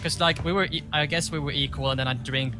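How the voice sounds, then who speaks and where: A man's voice: a little high, fairly even intonation, fast talker, sharp tone, soft background music. A man playing in a tabletop game, eager and giggly as he explains his character's turn. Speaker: player.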